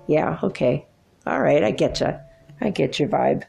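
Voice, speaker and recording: A chatty woman channels spirits in a slow, self-deprecating way. Her voice is low and dark with a gravelly edge, and soft guitar music plays behind her. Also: expressive. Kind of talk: live channeling session.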